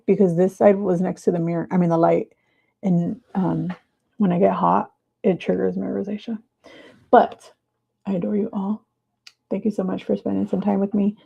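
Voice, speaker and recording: A woman hosting a live stream from her desk, chatting casually and breaking into high excited cheers, on a clip-on mic. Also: gravelly, husky, phone-quality sound. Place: home desk. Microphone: clip-on mic in her shirt.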